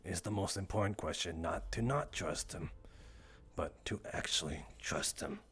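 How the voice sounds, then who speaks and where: A man's voice: low voice, moderate pace, slightly rough. A man playing a stern interrogator in a roleplay, pressing a suspect for specifics. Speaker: roleplay streamer.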